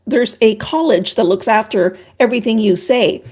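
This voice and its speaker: Older woman from Canada, husky, high-pitched, livestream chat with viewers. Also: moderate pace. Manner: animated, chatty, greets viewers by name. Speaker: relationship expert on a livestream.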